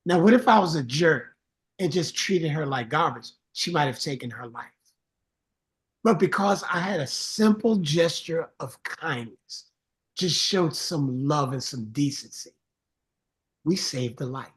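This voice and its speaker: A man's voice: on the high side, lively intonation, normal speed. Earnest middle-aged man telling stories. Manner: earnest storyteller, acts out quoted voices. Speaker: songwriter and producer guest. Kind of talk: casual interview chat.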